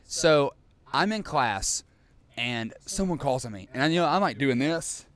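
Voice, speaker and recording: A young man co-hosting a podcast, telling a story in a lively, animated way and acting out scenes. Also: mid-range voice, measured pace. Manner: animated storyteller, acts out scenes, laughs often. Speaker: podcast co-host. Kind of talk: casual chat, storytelling.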